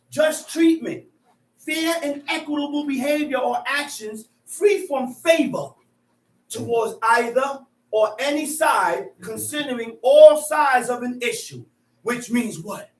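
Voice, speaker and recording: A high-pitched man preaching in a slow, deliberate way, forceful and repetitive. He is recorded from a distance in a roomy, echoing space. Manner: loud, emphatic, repeats words. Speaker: teacher. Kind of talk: street preaching. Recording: echoey, distant mic.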